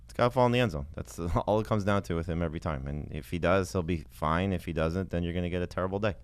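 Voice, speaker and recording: Sex: man. Role: panelist. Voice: fairly low, smooth and clear. Pace: fast. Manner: jumps in to argue back. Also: no echo. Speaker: sports analyst panelist. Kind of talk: casual sports chat.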